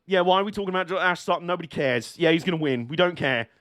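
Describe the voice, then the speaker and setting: A man with a high, light voice calls a motor race live for his stream, bursting into laughter and swearing freely. He sounds excitable and quick to react. The sound is dry and close, with no room around it. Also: dry recording. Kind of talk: live watch-along race commentary.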